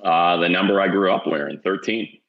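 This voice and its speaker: A man's voice: deep voice, fairly even intonation, a little fast. A man from Illinois co-hosting a sports radio show, telling stories in casual chat. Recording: dull lo-fi sound.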